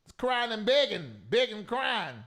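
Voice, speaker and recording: High, lively male talk-show host. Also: unhurried. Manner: animated, loud and mocking, with preacher-like mimicry. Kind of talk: casual commentary.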